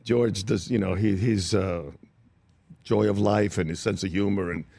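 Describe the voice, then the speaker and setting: A man, an actor guest in a studio interview, telling anecdotes in a lively, casual way. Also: fairly low pitch, normal speed, gravelly, no room sound. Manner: animated anecdotes with acted-out quotes. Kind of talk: studio interview chat, storytelling. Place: radio show studio.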